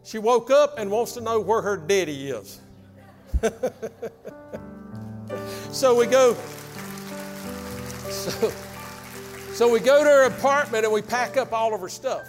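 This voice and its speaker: A man preaching a sermon as pastor, telling a folksy story that sinks into hushed intensity. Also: very high voice, lively intonation, slow, long pauses. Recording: long hall reverb with faint music.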